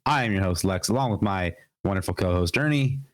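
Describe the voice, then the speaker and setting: A man's voice: low voice, animated, a little fast, no room sound. A young man hosting a casual gaming podcast, a bit sick with a cough, rambling and repeating his words. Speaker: podcast host. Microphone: podcast mic.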